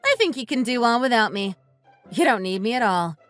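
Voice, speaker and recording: A woman plays a bitter wife in a texting-story drama. Her voice sits high and moves a lot as she lays out her grievances bluntly. Faint music runs underneath. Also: lively intonation, fairly quick, fairly bright tone. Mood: accusing. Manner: accusing, resentful, blunt. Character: bitter wife divorcing her uncaring husband. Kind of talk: text-message story dramatization.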